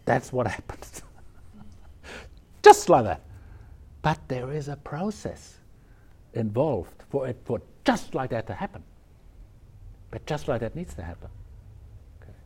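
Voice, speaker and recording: A man's voice: medium pitch, mellow. Man giving a Zen talk. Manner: conversational, many restarts and fillers. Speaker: Zen teacher. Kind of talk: dharma talk on a koan.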